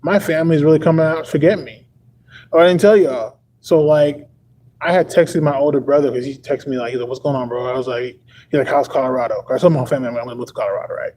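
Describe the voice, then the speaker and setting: A man's voice: on the high side, steady tone, fast, mellow, rough recording. A young man from Texas on a livestream, talking casually and rambling, packing his sentences with "like" and chuckling often. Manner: rambling, full of "like" fillers.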